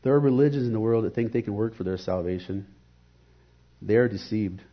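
A man's voice: on the low side, a little fast, lo-fi sound. A man giving an earnest, reflective devotional sermon and posing rhetorical questions.

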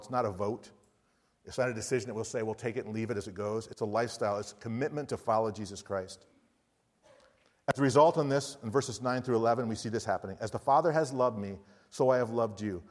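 A man, a missionary preacher, telling a personal story in an earnest sermon with frequent restarts. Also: medium pitch. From United States. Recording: long reverb of a large hall.

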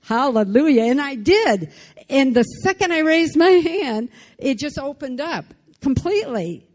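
A woman's voice: sits high, big pitch swings, measured pace, a little mellow. Lady giving a testimony at church, fervent, echoey big room. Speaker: congregation member giving testimony.

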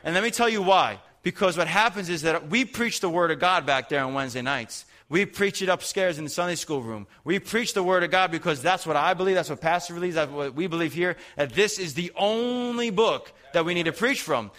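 A young man preaching as a youth pastor, his voice bright and forceful and pitched a little higher than most men's. He addresses the congregation directly, turning passionate and acting out the people he quotes. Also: lively intonation, a little fast, few pauses. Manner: impassioned, talks straight to the congregation, mimics people in quotes. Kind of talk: sermon.

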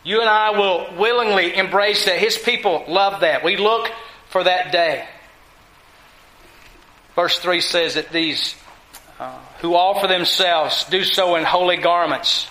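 A man preaching a sermon to a congregation, with deliberate emphasis and frequent rhetorical questions. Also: high voice, bright, forceful tone, roomy sound, low-quality recording.

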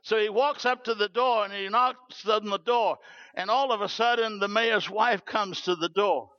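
Give me an animated New Zealand preacher telling stories, with a bright, tense voice and a dull recording. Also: male voice, sits high, normal speed, no room sound. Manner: animated, storytelling with acted quotes. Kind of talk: sermon storytelling.

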